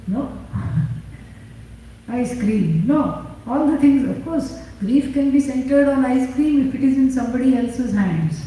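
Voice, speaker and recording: A high-voiced woman lecturing on scripture, her mellow tone carried through a very echoey hall. She asks questions and answers them herself, with dry humor. She is recorded from far off on a phone in the audience, with a faint hiss behind her. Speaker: spiritual teacher.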